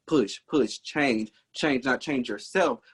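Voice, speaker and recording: A man's voice: mid-range voice, takes it slowly, breathy edge. A man with a Southern Atlanta accent, a singer and songwriter guest who explains his views earnestly and thoughtfully in a casual interview.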